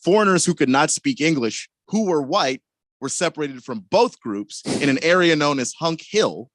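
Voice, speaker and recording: A man's voice: on the high side, expressive, moderate pace, fairly bright tone, no echo. Man reading facts on the radio, matter-of-fact. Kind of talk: reading out a search result.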